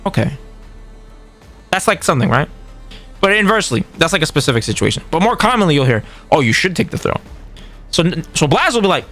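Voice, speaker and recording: A fast-talking man with a mid-range voice coaches fighting games on a livestream, faint music behind him. He's animated and casually profane, often acting out what other players might say.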